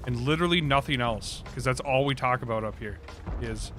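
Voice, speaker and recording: A man's voice: medium pitch, a little fast, sharp tone, slight background noise. A young man with a Midwestern accent, chatting sarcastically and rambling while streaming a game. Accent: Midwestern American. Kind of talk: casual gaming stream chat.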